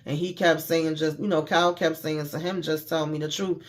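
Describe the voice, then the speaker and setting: A TV show recapper gives a casual, slangy rundown of an episode, quoting characters to retell scenes with mild cursing. His pitch is fairly high with little movement, and he talks at normal speed.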